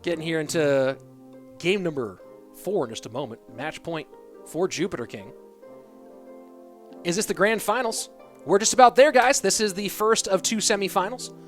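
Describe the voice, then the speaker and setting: A man's voice: high voice, moderate pace, pauses often. A young man casting a live esports stream, calling plays and joking casually with chat. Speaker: esports caster. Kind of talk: live stream game commentary. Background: music.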